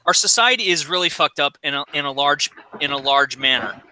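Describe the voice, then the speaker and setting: A man's voice: a little high, animated, a little fast, background noise. A middle-aged man in casual chat on a podcast, ranting with a lot of swearing. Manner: profane, ranting. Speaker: podcast co-host. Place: recording studio.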